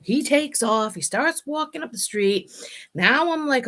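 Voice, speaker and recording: A middle-aged woman hosts her own casual video chat, a little higher-pitched than most women. She talks bluntly and swears freely, venting her frustrations without any filter. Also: expressive, measured pace, fairly bright tone. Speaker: vlog host. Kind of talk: candid personal chat.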